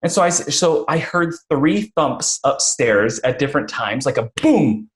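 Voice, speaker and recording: A man's voice: medium pitch, animated, unhurried. A man hosting a conversational interview, telling stories with frequent restarts and acting out quotes. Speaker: podcast host.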